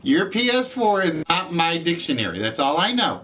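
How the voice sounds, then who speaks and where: A man's voice: on the high side, sing-song, moderate pace, bright, forceful tone. A man hosting a live-streamed word game show, chatty, reading out letters and scores and joking with the players.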